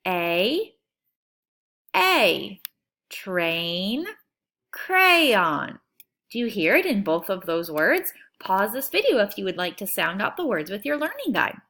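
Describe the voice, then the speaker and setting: Slow, lively-voiced woman teaching phonics. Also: medium pitch. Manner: slow, stretched-out sounding of words. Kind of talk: phonics lesson for young children.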